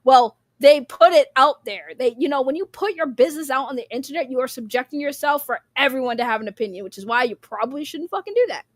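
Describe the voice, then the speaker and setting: A woman's voice: high-pitched, quick pace, few pauses, no echo. A young woman, rambling bluntly in casual livestream commentary, laughing often and swearing freely.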